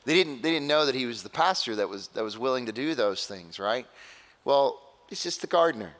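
A male pastor preaching a sermon in a conversational way, with dramatic pauses. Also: mid-range voice, expressive, a bit bright, big-room sound.

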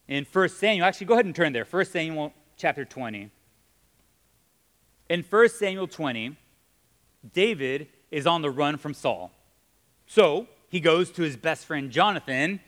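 Man, preacher, sermon, conversational, emphatic, joking, slightly high voice, long hall reverb.

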